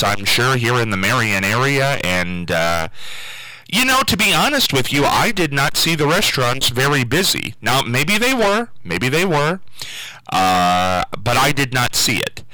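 A man's voice: medium pitch, sharp tone, no echo, poor audio. A middle-aged man hosting a local call-in radio talk show, rambling casually with many fillers and restarts.

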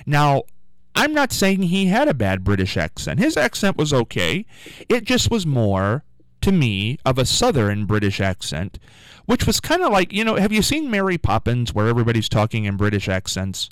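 A man hosting a radio show, telling a rambling story with animated asides in a casual on-air monologue. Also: medium pitch, normal speed, clear, resonant tone, no room sound, poor audio.

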